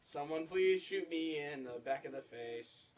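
A man commentating his gameplay in casual banter, excitable, swearing loudly and bursting into shouts and laughter. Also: fairly high pitch, measured pace. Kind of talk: casual let's-play banter.

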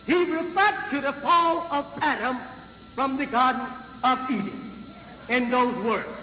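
High-pitched man preaching slowly in an echoey hall. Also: bright, forceful tone, soft background music. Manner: slow, emphatic, repeated rhetorical questions to the crowd; halting with frequent fillers and restarts. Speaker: religious leader addressing a crowd. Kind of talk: preaching speech to a live audience. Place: large hall with an audience. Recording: echoey hall, noisy 1950s archive recording.

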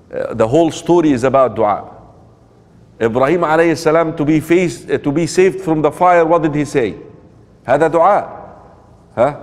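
A man giving a religious lecture in a storytelling way, asking the audience rhetorical questions and mixing in quoted Arabic phrases. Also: a little high. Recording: long hall reverb.

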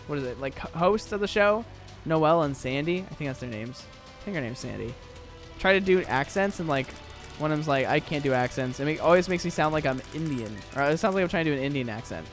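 A young man rambling through casual gameplay commentary, full of fillers and restarts. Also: fairly high pitch. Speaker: gaming YouTuber.

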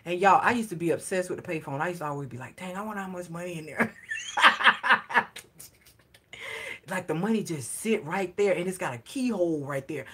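A woman's voice: on the low side, expressive, moderate pace, pushed and bright, slight background noise. A woman, telling stories in a casual, playful chat for her vlog and swearing lightly in a slangy way. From Atlanta, US South. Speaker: vlogger.

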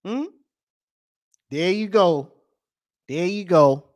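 A man hosting a podcast, ranting over news clips with profanity and rhetorical questions, swinging between loud and soft. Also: high-pitched, extremely slow, no echo. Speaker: podcast host.

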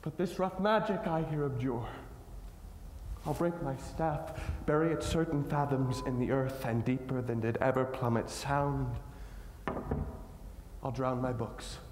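A man playing an aging sorcerer who renounces his magic, reciting Shakespeare slowly and grandly on a stage. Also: extremely high pitch, expressive, a little hiss or hum, heavily acted. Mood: hushed. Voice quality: slow, declamatory. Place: large auditorium, live audience. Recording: echoey hall, long reverb.

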